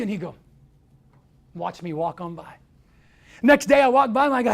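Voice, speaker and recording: A man telling a story to an audience, acting out the quoted voices with lively energy. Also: sits high, fairly quick, gravelly, breathy edge. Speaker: speaker.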